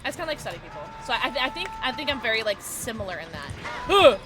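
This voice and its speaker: A woman livestreaming while gaming, chatting excitedly with her viewers in a loose, filler-heavy way. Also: on the high side, fast. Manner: excitable, chatty, talks to chat, many fillers like "like". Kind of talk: casual gaming livestream chat. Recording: game music audible behind voice.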